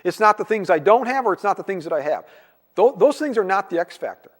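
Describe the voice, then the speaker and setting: A male pastor with a high, light voice delivers a conversational sermon, slipping into the voices of the people he quotes. His words ring out with a long reverb from the church hall around him. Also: expressive, quick pace. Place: church sanctuary.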